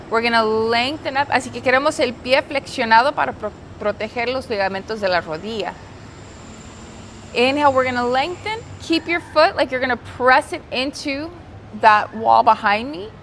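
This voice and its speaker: A woman teaching a guided yoga class outdoors by the ocean, giving gentle, soothing, unhurried cues and slipping into Spanish now and then. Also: fairly high pitch, slight background noise. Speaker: yoga instructor.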